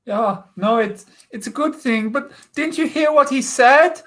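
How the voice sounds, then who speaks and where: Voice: high voice, a little slow, fairly bright tone. An improviser playing a gushing, doting 1960s Swedish housewife in a comedy scene. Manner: gushing, sweetly agreeable.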